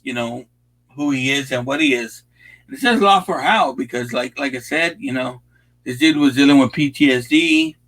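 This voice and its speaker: A man's voice: medium pitch, fairly bright tone, rough recording. A young man casually talking over a movie he is watching, rambling with lots of fillers and constant swearing. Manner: profane, rambling, laid-back with frequent fillers. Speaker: watch-along host.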